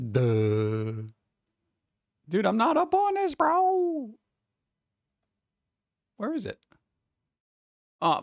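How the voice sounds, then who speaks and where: High-voiced man rambling on a live stream. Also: smooth, dry recording. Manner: rambling, excitable, greets chat by name. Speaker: livestream host. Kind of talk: casual live-stream chat.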